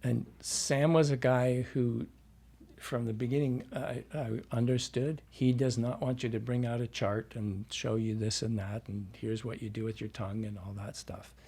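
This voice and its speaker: A man's voice: mid-range voice, flat delivery, moderate pace, a little mellow, breathy edge. A man who works as a dialect coach, telling stories in a rambling, casual interview with many fillers and restarts.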